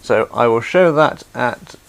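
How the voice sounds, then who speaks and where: A man's voice: mid-range voice, animated, measured pace, creaky. A man hosting a craft livestream, chatty and explaining things step by step. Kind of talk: casual demonstration.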